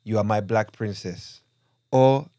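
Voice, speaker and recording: Man voicing troubled husband's letter, put-on Ugandan accent, slow measured delivery, dry close mic. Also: lowish voice, dark tone, no echo. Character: white English husband writing in for advice. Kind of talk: reading a listener letter aloud.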